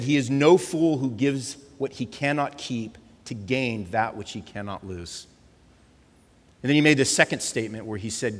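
A man preaching a sermon with passion, repeating words for emphasis and dropping softer for reflective passages. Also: medium pitch, breathy edge, big-room sound. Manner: impassioned, repeats words when stressing a point. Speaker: pastor.

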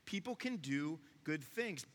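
A man's voice: a little high, lively intonation, measured pace, big-room sound. A man preaching a sermon in a conversational way, talking straight to his listeners. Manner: conversational, asks the room to follow along. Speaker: pastor.

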